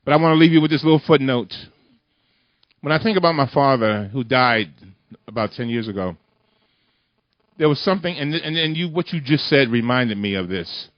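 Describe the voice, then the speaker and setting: A man's voice: medium pitch, lively intonation, moderate pace. A man giving an impassioned speech to a union audience with an emphatic oratorical cadence, repeating lines for effect. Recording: muffled lo-fi recording.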